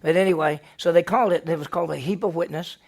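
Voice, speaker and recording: A male pastor leads a Bible lesson with a somewhat high voice and a noticeable gravelly texture. He retells the story with energy and keeps the class involved through rhetorical questions. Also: steady tone, quick pace, darkish tone.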